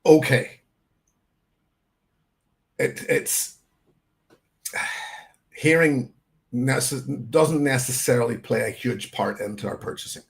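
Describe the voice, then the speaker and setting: Man, gravelly voice, rambling live whisky tasting chat, casual. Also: mid-range voice, slow pace, pauses often. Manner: rambling, self-correcting, conversational. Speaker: whisky channel host.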